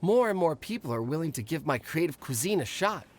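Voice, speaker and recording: An actor playing an eager, talkative young stall owner in a video game, who rambles with enthusiasm. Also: male voice, on the high side, big pitch swings, fairly quick.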